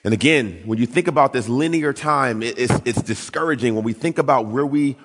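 A male pastor preaching in a church sanctuary, his voice mid-pitched and lively. He tells stories and jumps into quoted voices with big rises and drops in pitch. A long reverb hangs after each phrase. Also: brisk. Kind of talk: sermon with storytelling.

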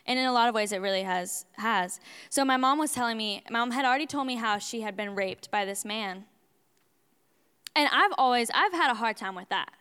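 Young woman, sermon testimony, lively and re-enacting outbursts; high, bright voice with long hall reverb. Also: brisk, smooth. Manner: animated, re-enacts her own outbursts loudly. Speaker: speaker at a church service.

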